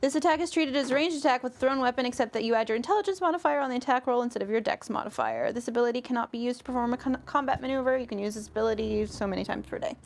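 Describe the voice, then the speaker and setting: A woman playing in a tabletop game on a live stream, measured as she reads her character's rules aloud. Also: fairly high pitch, animated, vocal fry. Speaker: player.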